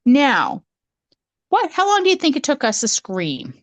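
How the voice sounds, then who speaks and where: Animated Canadian woman telling a story. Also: high voice, a little slow, no echo. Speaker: podcast co-host, psychic. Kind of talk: casual storytelling.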